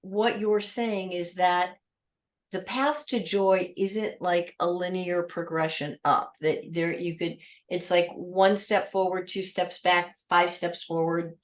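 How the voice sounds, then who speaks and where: A woman with a fairly low, steady voice hosts a podcast in a conversational interview, speaking slowly. Her follow-up questions are built from long lists of everyday examples.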